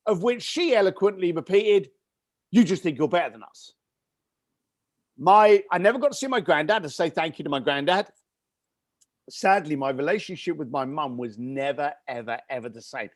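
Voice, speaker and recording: Guy w a high voice telling a lively family story, does everyone's voices, dry close mic. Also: brisk, no echo. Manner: animated storyteller who acts out family dialogue. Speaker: podcast guest. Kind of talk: storytelling interview.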